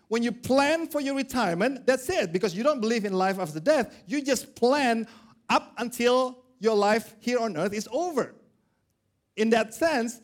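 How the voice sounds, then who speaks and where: A male pastor preaching a sermon, acting out the characters of a parable. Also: high voice. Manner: animated, acts out characters.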